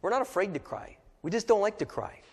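A man's voice: high-pitched, big pitch swings, fast talker, gravelly, darkish tone, slightly rough, long reverb tail. A man preaching a sermon in a casual, joking way, acting out little asides and voices as he goes.

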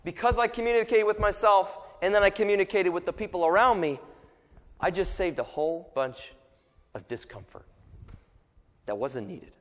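A man's voice: sits high, moderate pace, in a large hall. A man preaching a sermon in a casual, joking way, acting out little asides and voices as he goes.

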